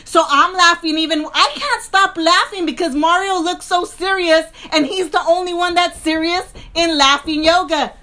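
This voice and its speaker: Female co-host, high and bright, lively storyteller who laughs easily. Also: moderate pace, hardly any pauses. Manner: animated, laughing, acts out sounds. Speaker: podcast co-host. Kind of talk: casual storytelling chat.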